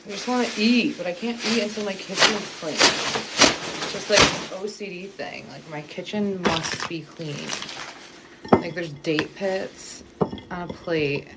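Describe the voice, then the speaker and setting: A woman's voice: on the low side, unhurried. Mom vlogging in her kitchen, fed up and cussing, noisy phone recording. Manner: frustrated venting, swearing. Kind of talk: casual vlog monologue. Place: home kitchen.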